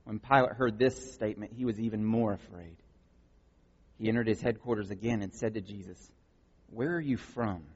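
A man preaching a sermon, reading scripture with acted voices and blunt asides, with a raspy voice. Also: fairly low pitch, steady tone, a little fast. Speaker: pastor. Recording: dull recording in large echoing hall.

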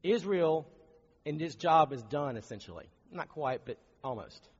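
Male preacher, slightly high and husky, animated conversational delivery, muffled hall recording. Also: a little slow. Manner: conversational, animated, asks rhetorical questions. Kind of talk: sermon. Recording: dull recording in a reverberant hall.

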